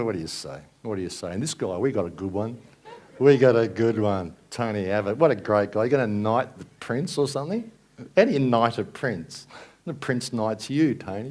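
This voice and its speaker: A man's voice: medium pitch, sing-song, a little fast, darkish tone. A man giving an angry, sarcastic presentation at a live event, swearing and ranting. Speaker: speaker at a conference.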